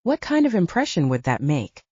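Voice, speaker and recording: A woman's voice: low-pitched, wildly swooping pitch, normal speed, mellow, husky, no echo, highs cut off, heavily acted. Woman doing Sybil, a bubbly teasing girl. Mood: playful. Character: playful young woman, teasing companion.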